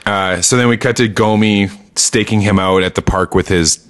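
A man's voice: fairly low pitch, steady tone, moderate pace, a bit bright. A man casually recapping a TV episode on a podcast, rambling with lots of fillers and acting out quoted lines. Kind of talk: casual chat.

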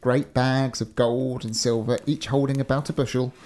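A man's voice: medium pitch, little pitch movement, normal speed, darkish tone. A man reading a story aloud in an easygoing manner, chatting between passages. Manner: easygoing, laughs often. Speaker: storyteller and co-host.

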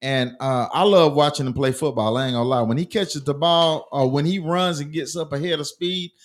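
A man's voice: on the high side, a little fast. A man co-hosting a casual sports podcast, laid-back and rambling, with many fillers. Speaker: podcast co-host.

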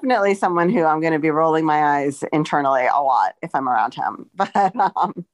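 Wry, relaxed podcast guest woman. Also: low-pitched, brisk. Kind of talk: casual chat.

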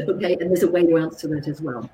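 A woman psychologist giving a teaching talk, telling lively stories and often checking in with the audience. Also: low-pitched, echoey room, slight background noise, poor audio. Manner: lively, animated storyteller who checks in with "okay?". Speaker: psychologist and communications trainer.

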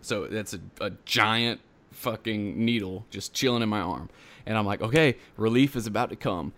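A man's voice: lowish voice, normal speed, fairly bright tone. A young man hosting a podcast, telling a long story in a rambling, casual way, laughing and acting out what people said. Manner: rambling, laughing, acts out quotes. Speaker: podcast host.

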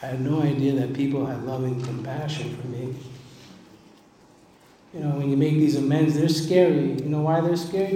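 A man's voice: fairly high pitch, warm tone. A man giving an emphatic, conversational personal testimony at a recovery meeting, repeating words for emphasis. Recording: echoey hall, distant mic, faint ambience.

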